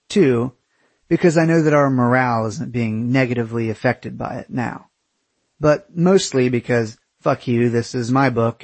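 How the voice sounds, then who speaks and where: A man's voice: mid-range voice, no echo. A young man narrating his own travel memoir aloud in a sardonic, self-mocking and profane way.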